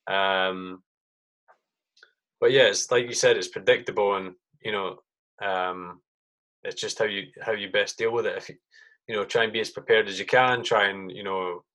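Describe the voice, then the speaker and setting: A man's voice: fairly low pitch, steady tone, moderate pace, a bit bright, rough recording. A man from Britain hosting a podcast with an army comrade, talking in a loose, rambling way and swearing freely. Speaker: podcast host. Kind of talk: casual chat.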